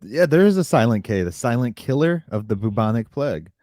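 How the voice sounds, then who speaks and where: A male podcast co-host recapping a TV episode in casual chat, animated and given to mimicking characters. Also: a little fast, no echo, studio quality. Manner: animated, acts out characters' lines in silly high voices.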